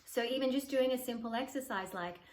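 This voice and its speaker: A woman voice coach with a fairly high voice teaches to camera. She demonstrates exercises by moving her voice up and down in pitch and volume. The sound carries a roomy echo. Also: fairly quick. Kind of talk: instructional talk to camera.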